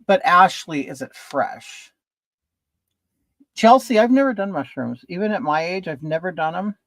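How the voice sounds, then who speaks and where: High-pitched and expressive, a man speaks at a measured pace with a slightly bright tone and no echo. He's chatting on a casual livestream from home while doing his makeup, reading viewer comments aloud and greeting each by name.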